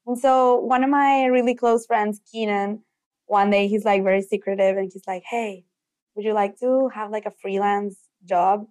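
A young woman from Mexico who speaks Spanish natively, a guest telling stories in a casual interview, animated and acting out the quotes. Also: mid-range voice, normal speed. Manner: animated, acts out quotes, filler "like". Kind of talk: casual storytelling in conversation.

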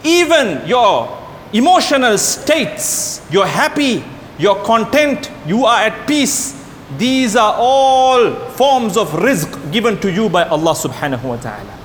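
A man preaching a sermon to his congregation, telling stories with lively delivery and acting out the people in them. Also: takes it slowly. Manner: animated storytelling, voices the characters in anecdotes. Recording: echoey hall with faint rumble.

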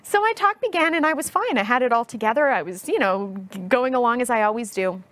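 A woman guest in her thirties, telling a personal story in an interview, earnest and heartfelt, speaking slowly and deliberately. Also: a little high, animated, a bit bright, no room sound.

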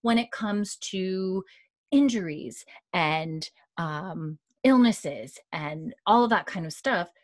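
A woman's voice: fairly low pitch, slow pace, no room sound, studio quality. A young woman casually recapping a TV episode, acting out the characters' lines with lots of laughs. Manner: animated storytelling, acting out quotes, laughs often. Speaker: podcast host recapping a TV episode. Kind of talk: casual chat.

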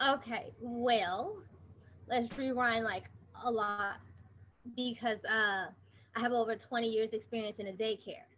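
Chatty woman guest, high bright voice, lots of ums and likes. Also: steady tone, a little slow, dull audio, slight background noise. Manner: chatty, rambling with frequent fillers and laughs. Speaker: guest, online preschool owner. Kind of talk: casual interview chat.

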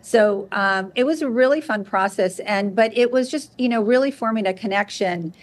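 A woman guest on an interview show, telling an anecdote in a lively, chatty way. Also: mid-range voice, moderate pace. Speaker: guest, television producer. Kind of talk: interview storytelling.

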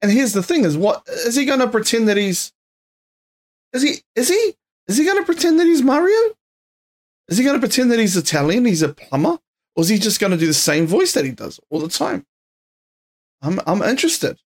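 A man's voice: sits high, very animated, brisk. A man with a New Zealand accent hosting a solo podcast, rambling and tired, full of slang, swearing and fillers. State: tired, yawning. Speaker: podcast host. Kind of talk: casual solo podcast chat. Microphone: podcast microphone.

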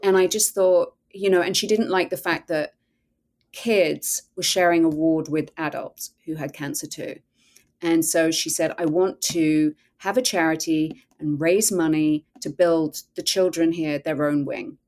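A woman's voice: low voice, fairly even intonation, unhurried, a little mellow. A woman guest telling a personal story in a podcast interview, earnest and candid, often quoting her own thoughts.

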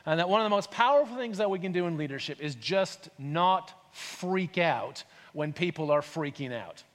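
A man's voice: fairly high pitch, animated, moderate pace, long reverb tail. A man preaching a sermon as pastor, talking conversationally and asking his listeners rhetorical questions. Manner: conversational, asks rhetorical questions, acts out voices.

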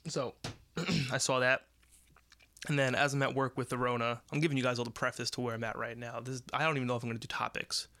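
A man's voice: mid-range voice, steady tone, fast, pushed and bright. A young American man hosting a podcast, telling a rambling, profane story about his job while sick. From United States. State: sick with covid. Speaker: podcast host. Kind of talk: casual storytelling monologue.

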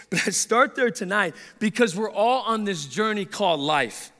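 A man preaching a sermon, telling a story in an animated way and stumbling over repeated words. His voice is high and bright. The sound rings with the long reverb of a large hall. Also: moderate pace.

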